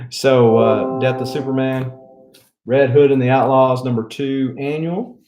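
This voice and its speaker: A man's voice: mid-range voice, steady tone, music in the background. Rambling Southern man. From Mississippi. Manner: rambling, chuckling, drawn-out fillers. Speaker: comic book channel host. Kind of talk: casual rambling haul chat.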